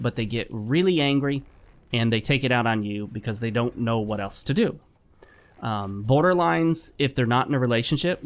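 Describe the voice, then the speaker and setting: A man giving casual gameplay commentary as a gaming channel host, lecturing and repeating himself while he plays. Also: medium pitch. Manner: lecturing, repetitive, talks while playing.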